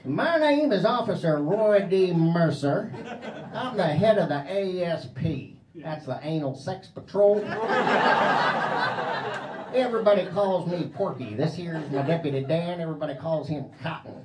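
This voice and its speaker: A man playing a blustering redneck male sheriff with a put-on drawl, loud and drawling. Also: a little high, expressive, unhurried, very noisy, voice pushed up. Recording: echoey club with crowd laughter.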